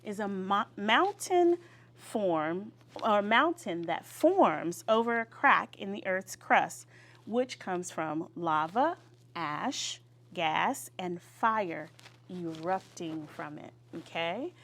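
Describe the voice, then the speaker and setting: Leading a vocabulary lesson for young children, this woman teacher speaks at medium pitch with an animated, fairly bright tone. She draws out words and has the class respond back to her.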